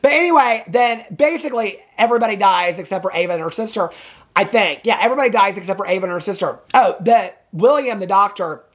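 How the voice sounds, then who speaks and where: A woman recaps a movie she found awful at a brisk, tumbling pace. Her voice sits at an ordinary middle pitch, and she laughs often and swears casually. She shifts to higher voices to quote the characters. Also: lively intonation. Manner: rambling, laughing, profane, acts out characters in high voices. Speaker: movie reviewer.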